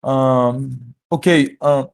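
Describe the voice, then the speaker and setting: A man's voice: medium pitch, steady tone, drawn-out words, vocal fry. A man playing in a tabletop game over a call, giving brief, hesitant answers. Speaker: player.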